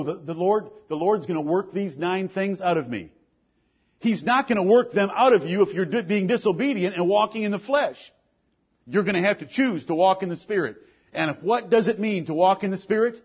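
A man preaching a sermon with force, asking pointed questions and swinging between loud and low lines. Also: slightly rough, muffled recording. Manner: forceful preaching, rises and drops sharply, rhetorical questions. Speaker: pastor.

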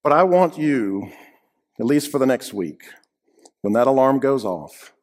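A man with a mid-range voice preaches a sermon at a measured pace, animated as he swings between loud, emphatic lines and hushed quiet ones, dropping in dry humorous asides.

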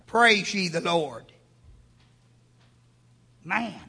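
A man preaching a fervent sermon, swinging from hushed talk to shouting. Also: sits high, animated, drawn-out words, creaky, slightly rough. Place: church sanctuary. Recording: long church reverb.

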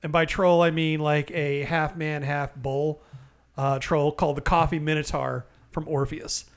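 A man co-hosting a casual beer podcast, telling a story with animated, profane exaggeration. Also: fairly high pitch, unhurried, clean tone. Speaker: podcast co-host. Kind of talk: casual beer-review banter.

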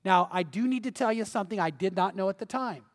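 A man's voice: high-pitched, quick pace. A middle-aged man preaching a sermon, telling stories and acting out the voices of the people in them. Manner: conversational storytelling preacher, acts out quoted voices. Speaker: pastor. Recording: long reverb of a large hall.

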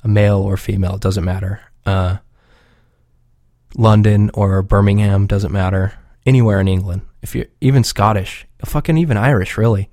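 Chill guy rambling on his podcast, swears a lot, low mellow voice, dry close sound. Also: steady tone, normal speed, no room sound. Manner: profane, rambling, laid-back. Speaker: podcast regular. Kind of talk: casual rambling chat.

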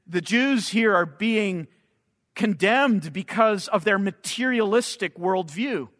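High-voiced guy preaching real slow, big echoey hall. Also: a bit bright. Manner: slow, emphatic delivery with repeated words. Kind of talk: sermon. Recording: long hall reverb.

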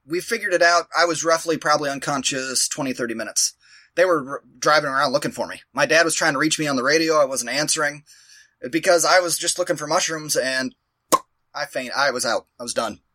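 A man's voice: a little high, brisk, bright, forceful tone, no echo. A man telling a rambling, profane, self-mocking story in a casual chat.

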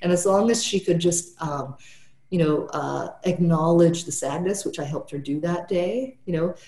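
A woman therapist with a slightly low voice chats loosely about a client, ending almost every sentence with "right?" and filling gaps with "you know". The sound is roomy and echoey. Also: normal speed, warm tone. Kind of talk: casual podcast conversation.

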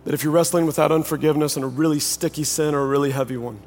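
A pastor in his forties preaches with a slightly raised pitch, playing out the voices of the people in his stories. His words ring out in a large church hall with a long reverb. Soft music plays faintly under him. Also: rapid-fire. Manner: animated storytelling, acts out quoted voices; prays in a soft, low voice. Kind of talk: sermon.

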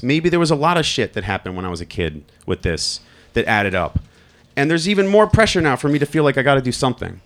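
A man's voice: medium pitch, big pitch swings, quick pace, few pauses, a bit bright. A man from Long Island telling a personal story live, candid and wry, swearing freely. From Long Island, New York.

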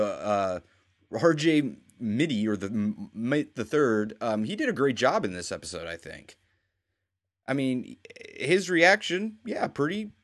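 A man's voice: lowish voice, a bit bright. A man co-hosting a casual chat, rambling as he retells scenes and quotes the characters. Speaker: podcast co-host.

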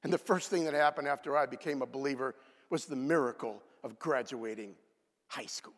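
A man preaching a sermon, swinging between loud outbursts and hushed, quiet asides. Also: medium pitch, a little fast. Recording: long hall reverb.

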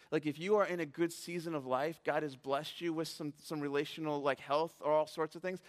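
Male pastor, sermon: earnest, animated storyteller who presses the congregation with direct questions, voice a touch higher than most men's. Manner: animated storytelling, rising to near shouting at emotional peaks. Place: church sanctuary.

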